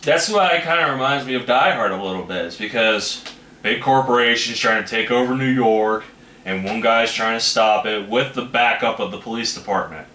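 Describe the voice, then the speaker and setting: A man's voice: medium pitch, moderate pace, pushed and bright. A man hosting a casual trailer reaction, rambling and hedging as he talks. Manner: rambling, hedging with "you know what I mean". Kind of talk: casual chat. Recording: echoey room with faint noise.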